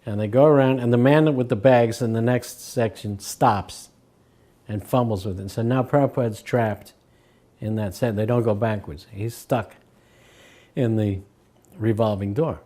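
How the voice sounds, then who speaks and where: An older man recalling his spiritual teacher in a relaxed storytelling way, acting out the voices in his stories. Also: on the low side, a little slow. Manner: acts out quoted voices, chuckles between stories. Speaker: devotee recalling memories. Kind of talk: anecdotal storytelling.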